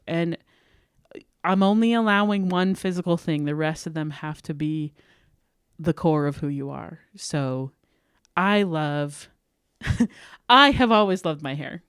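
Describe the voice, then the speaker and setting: Earnest young woman, smooth dry voice. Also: fairly low pitch, no room sound. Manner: heartfelt and earnest, laughing often. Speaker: podcast host. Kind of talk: encouraging self-worth talk.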